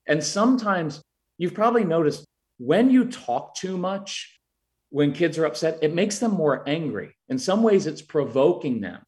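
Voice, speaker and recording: A man's voice: fairly high pitch, very animated, a little slow, darkish tone. A middle-aged man answering interview questions about parenting, earnest and explanatory, sometimes acting out what he says to children. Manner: earnest, acts out quoted lines to parents and kids. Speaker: parenting guest expert.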